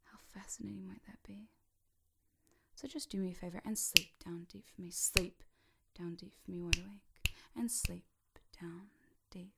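A woman guiding a hypnosis session, dropping to slow whispers to sink the listener and lifting her voice to wake them, counting slowly. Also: mid-range voice, creaky, slight background noise. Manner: switches between sinking whispers and bright rising calls.

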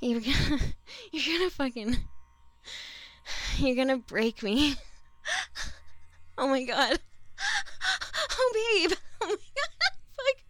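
A woman with a very high, bright voice, breathless and gasping between pleading words. She talks slowly and her pitch swings widely on an intimate live stream, dry and close to the mic. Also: sing-song, dry recording.

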